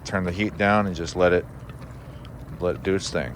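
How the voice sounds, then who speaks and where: Speaking in a low voice at normal speed, a man cooks in an outdoor kitchen for his vlog, keeping the talk laid-back, casual and dryly humorous. A bit of background noise can be heard.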